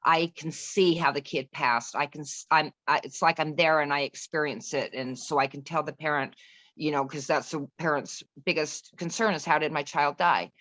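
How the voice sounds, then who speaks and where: Her voice sits low and a bit bright, with fairly even intonation at a normal speed. She's a middle-aged podcast guest sharing a personal story, earnest and rambling, restarting often and quoting others in casual storytelling chat.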